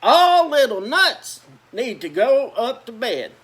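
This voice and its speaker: A man voicing a big, stern mother nut who scolds her children loudly at bedtime. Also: big pitch swings, takes it slowly, full character voice. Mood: scolding. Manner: loud, booming scold.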